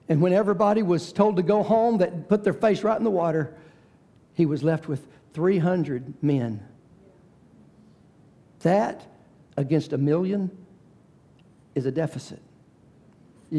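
A male preacher with a high but mellow voice delivers a sermon. He tells the story dramatically. He slows down and drops to near whispers for emphasis. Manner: dramatic storytelling, varies pace and volume.

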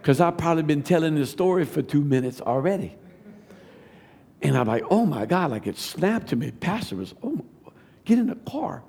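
A man tells his testimony from the pulpit. His voice sits fairly high and swells toward fervent, shouted preaching. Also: lively intonation, moderate pace, creaky. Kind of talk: testimony sermon.

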